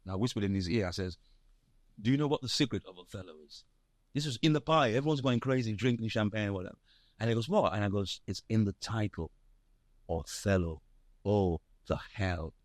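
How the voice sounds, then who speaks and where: A man, an actor from Nigeria, talking in a relaxed interview and telling animated anecdotes full of fillers and restarts. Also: fairly low pitch, fast talker, no room sound, clean studio sound. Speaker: actor, guest. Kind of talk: casual interview chat.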